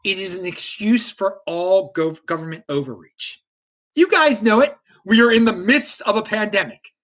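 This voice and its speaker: Hosting a solo livestream, a man from the United States reads viewers' chat aloud between opinionated rants. He speaks at a moderate pace in a high-sitting voice with a fairly bright tone.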